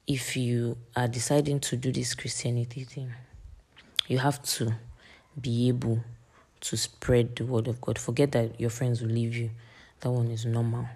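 A woman's voice: extremely low pitch, vocal fry, warm tone, breathy edge. A woman in her late teens hosts a faith podcast, talking earnestly in a rambling way with many fillers. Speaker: podcast host. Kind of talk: faith encouragement podcast monologue.

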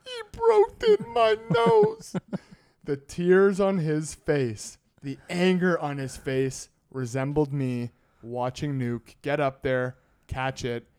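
A man's voice: medium pitch, a little mellow, clear, resonant tone. Man retelling games and movie scenes. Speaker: podcast co-host. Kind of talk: casual sports betting banter.

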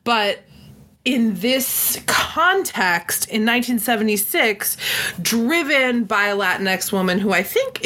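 A woman's voice: on the high side, animated, slow, sharp tone. A woman co-hosting a casual movie-review chat, talking loosely with lots of "like" and laughing between thoughts. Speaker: podcast co-host.

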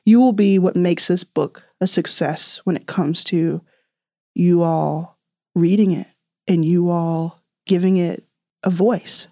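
A woman's voice: lowish voice, fairly even intonation, slow pace, mellow, no echo, studio quality. A woman hosting her own podcast, talking to listeners in an earnest, chatty way from a small podcast room. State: tearful. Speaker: podcast host. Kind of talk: casual heartfelt podcast monologue.

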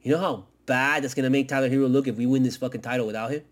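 A man hosting a fan podcast, ranting with heavy swearing and swinging from loud outbursts to low mutters. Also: very fast. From Miami area. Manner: profane, excitable, swings between shouting and muttering. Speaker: podcast host. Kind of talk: fan commentary rant.

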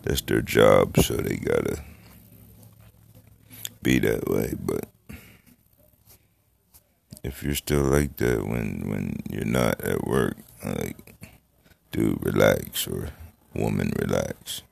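A man's voice: rumbling low, lively intonation, slow pace, gravelly, pauses often, no room sound. A man hosting his own podcast, talking in a loose, rambling, profane way with lots of fillers. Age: adult, has a daughter. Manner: rambling, profane, laid-back. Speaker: podcast host. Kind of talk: casual solo podcast talk.

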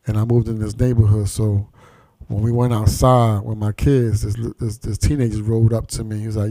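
Podcast host, male, dark mellow tone, dry close sound, animated streetwise storyteller. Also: lowish voice, fast, vocal fry, dry recording. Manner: streetwise, profane, animated storytelling, acting out quoted voices. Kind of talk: casual conversation, storytelling.

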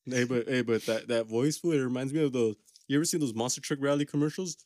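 A man's voice: mid-range voice, fast, darkish tone, no echo, studio quality. A man co-hosting a podcast in casual chat, rambling through stories with lots of slang and swearing. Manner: rambling storyteller, heavy slang and swearing, laughs often. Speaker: podcast co-host.

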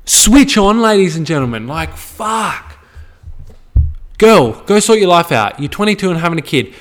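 A man's voice: sits high, sing-song, moderate pace. An Australian man hosting a podcast, ranting casually with blunt, heavy swearing and a preachy tone. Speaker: podcast host.

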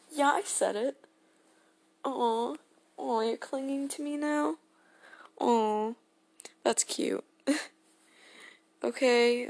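A woman voicing a gentle, goofy teenage boy hero who speaks as an affectionate boyfriend in a role-play audio, soft-spoken and prone to giggles. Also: on the high side, heavily acted. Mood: playful. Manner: soft-spoken and tender, breaking into giggles when tickled.

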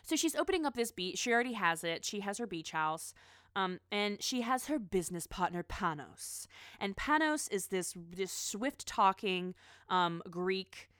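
A woman's voice: medium pitch, lively intonation, measured pace, fairly bright tone, no room sound, studio quality. A woman in casual chat, rambling about pop culture with frequent restarts and asides.

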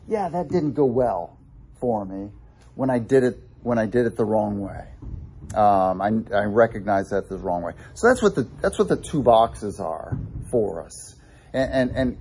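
A man preaching a sermon, telling animated personal stories with many restarts. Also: medium pitch, a little hiss or hum. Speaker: pastor.

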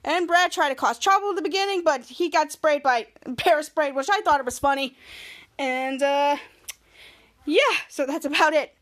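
A woman hosting a podcast, excitedly and ramblingly retelling a TV episode in a casual way. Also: high voice, moderate pace. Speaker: podcast host.

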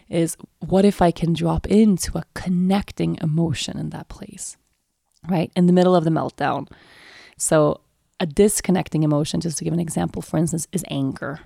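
A woman's voice: deep voice, gravelly, dark tone, no room sound, studio quality. A woman in her thirties, speaking as a parent in a candid, reflective monologue full of "you know" fillers.

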